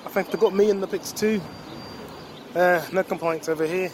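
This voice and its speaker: High-voiced rambling man on a noisy street. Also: steady tone, normal speed, pauses often. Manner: rambling, profane, joking to himself. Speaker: podcast host. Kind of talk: casual vlog monologue. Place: outdoors on a city street. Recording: outdoor street noise. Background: street traffic noise.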